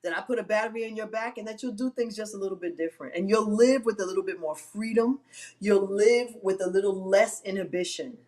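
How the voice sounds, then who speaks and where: A woman's voice: medium pitch, a little fast, a little mellow. A woman hosting an inspirational live-stream talk, emphatic and given to repeating phrases for effect.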